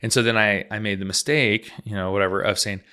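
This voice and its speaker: A man's voice: on the low side, fast talker, smooth. A man telling his personal story as a podcast guest, chatting casually with many fillers and acting out the dialogue he recalls. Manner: animated, acts out quoted dialogue, many "like" fillers. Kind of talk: personal storytelling in a conversational interview.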